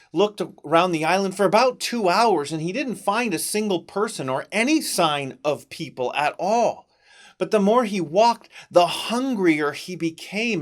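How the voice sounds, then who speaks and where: A man narrating a Bible story for children, telling it in a dramatic, expressive way with big swings in delivery. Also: a little high. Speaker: children's ministry teacher.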